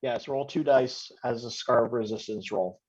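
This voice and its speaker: A man narrating a tabletop game as game master, hesitant, with many pauses and ums while describing scenes. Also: mid-range voice, a little mellow, breathy edge. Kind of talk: narrating a tabletop game over video call. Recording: dull lo-fi audio.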